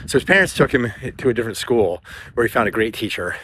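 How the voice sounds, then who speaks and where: A man's voice: medium pitch, animated, fast talker, fairly bright tone. A middle-aged man from the United States telling a story in a casual, rambling vlog, with fillers and asides, recorded outdoors in the wind. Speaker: vlogger. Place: outdoors in a windy town. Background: faint wind noise.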